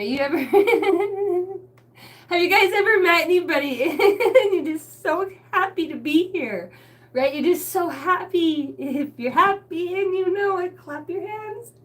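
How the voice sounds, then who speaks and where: A woman rambling casually to camera from a basement, laughing often and swearing as she tells stories. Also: sits high. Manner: laughing, profane, storytelling with quick asides. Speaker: spiritual reader and vlogger. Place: basement room lit by a ring light.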